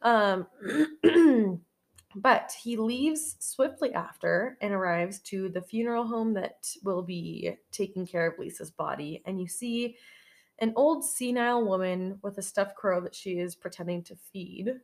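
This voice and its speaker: A woman's voice: medium pitch, a little slow, darkish tone. A young woman co-hosts a casual podcast, retelling a film's plot in a rambling, giggly way. She laughs often and drops the odd curse word, keeping the chat loose and informal. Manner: giggly, rambling, sprinkled with swearing. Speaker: podcast co-host. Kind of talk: casual chat recapping a film.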